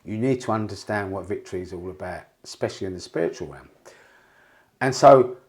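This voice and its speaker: A man speaks in a fairly low voice as a podcast guest. He rambles through candid stories, swears freely and often restarts his sentences. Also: expressive, a little fast. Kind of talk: candid storytelling interview.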